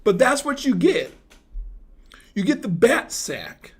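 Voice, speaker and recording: Crude, teasing man with a lively voice. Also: very high-pitched, slow pace, breathy edge. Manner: crude, teasing, joking with chat; swings from loud outbursts to mumbled asides. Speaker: livestream host chatting with viewers. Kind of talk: casual livestream chat.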